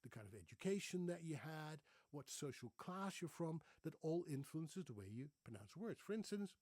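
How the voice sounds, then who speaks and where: A man's voice: on the high side, normal speed, no room sound. A middle-aged man from the Netherlands with a Dutch accent, a former radio newsreader, talking casually and animatedly to camera on his own channel. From Netherlands (Friesland). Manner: animated, playful, exaggerated rolled R demonstrations.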